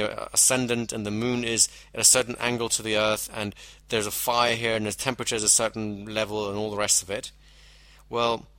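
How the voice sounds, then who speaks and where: A man gives a measured lecture on hypnosis, explaining techniques step by step and slowing down to stress key phrases. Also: mid-range voice, bright, forceful tone, no room sound. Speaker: hypnosis instructor. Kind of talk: teaching lecture.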